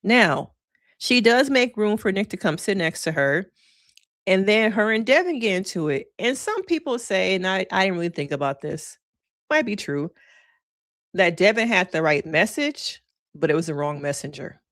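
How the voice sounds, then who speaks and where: A woman's voice: medium pitch, very animated, normal speed, fairly bright tone, no echo, clean studio sound. A woman therapist giving casual, frank livestream commentary with plenty of slang and laughter. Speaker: therapist reviewing reality TV.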